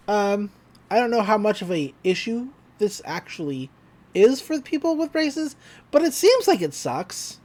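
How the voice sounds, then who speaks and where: This podcast co-host speaks in a mid-range, darkish voice, recounting an episode in a relaxed, chatty way. She does quick voices for the scenes and laughs as she goes.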